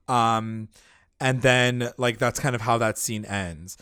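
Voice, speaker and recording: A man's voice: medium pitch, fairly even intonation, takes it slowly, sharp tone, smooth, no echo, clean studio sound. A young man co-hosting a casual recap podcast, rambling with lots of fillers and casual swearing. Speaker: podcast co-host. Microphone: podcast mic.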